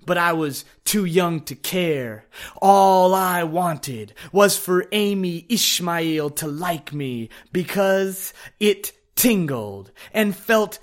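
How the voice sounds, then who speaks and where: A man's voice: high-pitched, lively intonation, takes it slowly. A young man performing a wry, confessional spoken word story.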